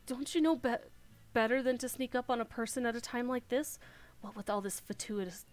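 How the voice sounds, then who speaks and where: A woman voicing a frightened townsperson who stammers and talks higher than her own voice. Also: a little fast, natural voice. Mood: startled. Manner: high and startled, stammering.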